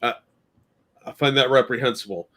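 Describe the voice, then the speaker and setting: A man's voice: medium pitch, brisk, a bit bright. A man in casual talk, indignant and blunt. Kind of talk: casual chat.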